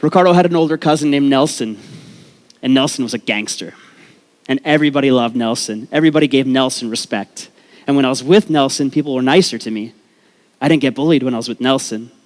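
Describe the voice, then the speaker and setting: A man's voice: medium pitch, fast. Self-mocking man telling his story on stage. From Canada. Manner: joking, self-mocking, swears freely. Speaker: speaker at a storytelling event. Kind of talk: comedic personal storytelling talk. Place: stage before a live audience.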